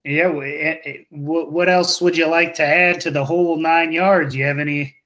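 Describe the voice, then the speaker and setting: A man hosting a casual podcast chat, talking in a relaxed, hesitant way. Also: on the high side, normal speed, lo-fi sound. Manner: relaxed, hesitant, with many restarts.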